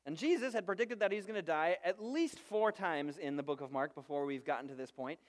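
A man in his thirties, a pastor preaching a sermon and telling stories with lively quoted voices. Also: on the high side, a little fast. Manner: storytelling, animated quoted voices.

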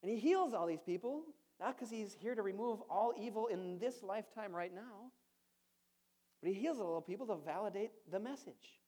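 A man's voice: high-pitched, animated, moderate pace, darkish tone. A male pastor giving a sermon in a conversational style, asking the congregation rhetorical questions and adding playful asides.

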